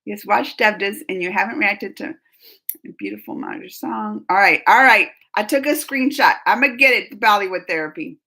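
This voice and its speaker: A woman's voice: mid-range voice, normal speed, vocal fry, pushed and bright. A woman hosting a casual live chat, rambling and laughing often as she answers her viewers. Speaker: livestream host reading chat.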